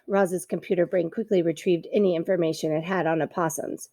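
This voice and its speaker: A woman reading a children's novel aloud in a steady storytelling manner, with occasional small stumbles. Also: fairly low pitch, fairly quick, no room sound, clean studio sound. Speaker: reader.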